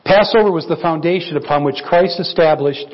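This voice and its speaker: Animated pastor with a slightly high voice. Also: male voice, a little fast, muffled recording. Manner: animated, acts out biblical dialogue in quoted voices. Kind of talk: conversational sermon.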